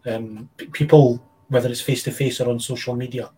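A man's voice: medium pitch, fairly even intonation, brisk, warm tone, husky, low-quality recording. A man, co-hosting a podcast and speaking reflectively with stammering starts. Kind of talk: casual podcast chat.

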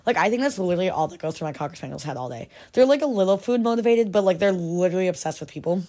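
A young woman in her twenties hosts a podcast in a rapid, rambling patter. Her voice sits somewhat low, and "like" fills nearly every phrase as she jumps from thought to thought. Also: animated, mellow. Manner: rambling, heavy use of filler "like". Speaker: podcast host. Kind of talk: casual chat.

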